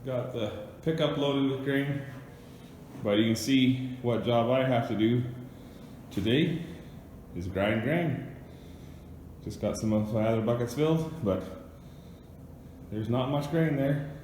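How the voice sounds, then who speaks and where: A man's voice: mid-range voice, slow, pauses often, a little mellow. A man, a rancher chatting casually while doing chores, a little out of breath. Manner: chatty, rambling, talks to his dog. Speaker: cattle rancher. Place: outdoors on a snowy ranch. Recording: outdoor noise with animals. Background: cattle, birds and outdoor noise.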